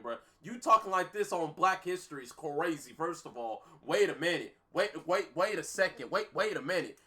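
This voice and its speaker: A bright, sharp-voiced man in his twenties, reacting to a video. He talks high and lively, and gets excitable as he piles up repeated phrases. His delivery is loose and casual. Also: moderate pace, hardly any pauses. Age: 20s. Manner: excitable, repeats himself, laughs loudly.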